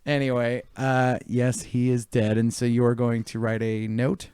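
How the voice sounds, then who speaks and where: A man narrating as game master of a tabletop game, joking and relaxed. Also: mid-range voice, normal speed, clean tone, no echo, clean studio sound.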